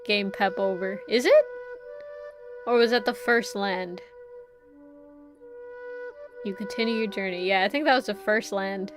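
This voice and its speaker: A woman's voice: mid-range voice, moderate pace, pauses often, over music. A young adult woman streaming a game, chatting casually, reading chat aloud and laughing often. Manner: giggly, playful, reads chat aloud.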